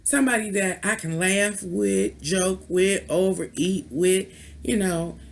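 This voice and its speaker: A woman's voice: medium pitch, slow pace, gravelly. A woman vlogger and tarot reader rambling in a casual rant, chatty and playful, with sultry, knowing asides. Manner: chatty, rambling, with restarts and playful beeping sounds.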